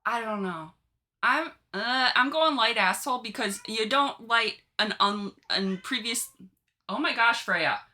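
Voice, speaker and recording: A woman's voice: on the high side, animated, measured pace, sharp tone. A woman co-hosting a podcast, chatting and joking as she reacts to online stories, giggling often. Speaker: podcast co-host. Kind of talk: casual chat reading online stories.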